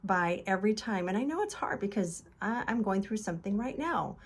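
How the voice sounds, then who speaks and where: A woman with a husky, mid-range voice hosts a casual devotional video, speaking fairly quickly and with animation. She is earnest and encouraging, retelling scripture in loose, conversational language.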